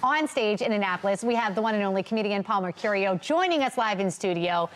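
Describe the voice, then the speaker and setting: A woman's voice: medium pitch, lively intonation, quick pace. A woman anchoring morning news in a TV studio, introducing and interviewing a guest in a friendly way, laughing easily.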